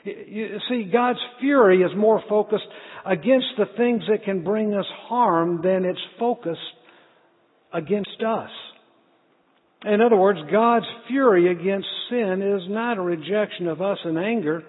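A middle-aged man delivers an earnest sermon in a fairly high, husky voice, stumbling over a word now and then as he tells a story. The sound is thin and phone-like, with a long reverb trailing behind him. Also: a little slow. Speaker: pastor.

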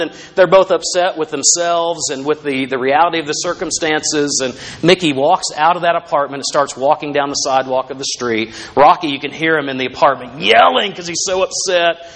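Guy preaching a sermon at church, a bit high-pitched, talky, drifts into little asides. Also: normal speed, a bit bright. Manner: conversational preaching with asides and restarts. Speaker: pastor.

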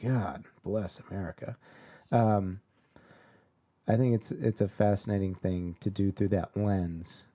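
A man co-hosting a casual TV recap chat, speaking in a measured way with many pauses. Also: fairly low pitch, fairly even intonation, mellow. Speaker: podcast co-host.

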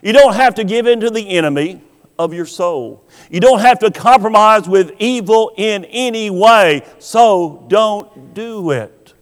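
A man preaching a sermon, asking the listeners rhetorical questions and pausing for effect. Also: high-pitched. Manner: rhetorical questions, dramatic pauses. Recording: long hall reverb.

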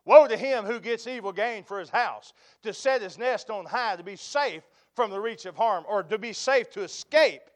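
A man preaching a sermon, building to loud emphatic peaks and then dropping to a low, quiet tone. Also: animated, normal speed, few pauses. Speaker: pastor.

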